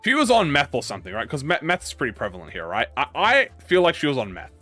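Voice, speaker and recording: A man's voice: medium pitch, huge pitch swings, fast talker, a bit bright, faint music behind. A young man, a gaming YouTuber, telling a rambling, profane anecdote in casual chat, with lots of restarts.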